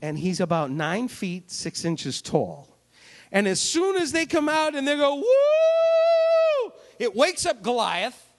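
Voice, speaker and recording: A man preacher delivering a sermon, retelling a Bible story with animated, jokey storytelling. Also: high voice, measured pace.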